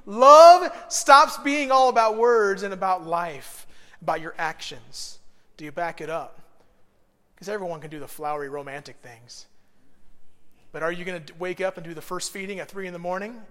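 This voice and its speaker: A man preaching a sermon as a pastor. He talks conversationally, dropping to a hushed, earnest tone and then rising into loud bursts. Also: high-pitched, normal speed. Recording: long hall reverb.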